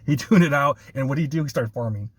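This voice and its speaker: A man hosts a loose sports conversation at a middle pitch, chuckling between points and leaning on "man" as he goes. His voice sits in a dry, close space with little room sound. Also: quick pace, husky, no room sound. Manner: laughs often, enthusiastic, repeats 'man'. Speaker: sports podcast host. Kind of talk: casual sports chat.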